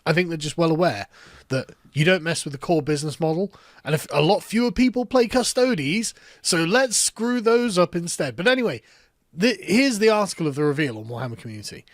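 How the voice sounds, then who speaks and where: Man, online video commentator, somewhat high voice, dry sound, dismissive. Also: expressive, fairly quick, no echo.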